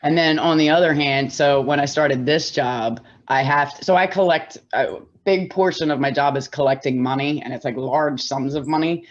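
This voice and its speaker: A woman's voice: low voice, moderate pace, hardly any pauses. Blunt swearing woman, dull lo-fi sound. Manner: blunt, swears freely, laughs often. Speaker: podcast co-host. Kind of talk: casual chat.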